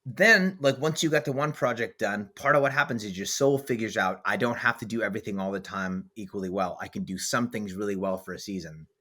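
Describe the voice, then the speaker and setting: A man with a somewhat low voice and a bright, forceful edge, hosting a podcast in casual conversation. He coaches and talks bluntly and emphatically, and he does not shy from a swear word. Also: a little fast, few pauses. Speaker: podcast host and author.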